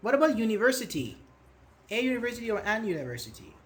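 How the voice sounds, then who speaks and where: A man's voice: high-pitched, big pitch swings, quick pace. A man teaching an online grammar class, patiently explaining with examples and praising his students. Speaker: English teacher.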